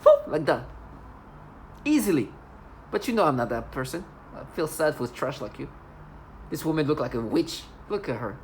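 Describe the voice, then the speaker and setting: A woman's voice: very deep voice, lively intonation, a little fast, slight background noise. A woman in an agitated, accusatory monologue, rambling and restarting as she vents to the camera. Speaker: video blogger.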